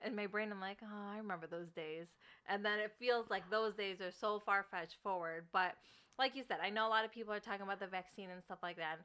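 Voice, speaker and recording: A woman co-hosting a podcast in casual chat, playful and quick to laugh, swearing freely. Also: medium pitch, bright, forceful tone, clear, resonant tone. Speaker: podcast co-host.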